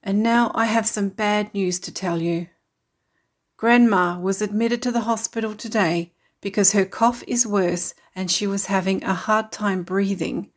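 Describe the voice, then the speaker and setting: A woman voicing a tired but caring mother in a storybook reading, speaking gently and reassuringly. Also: medium pitch, steady tone, unhurried, natural voice.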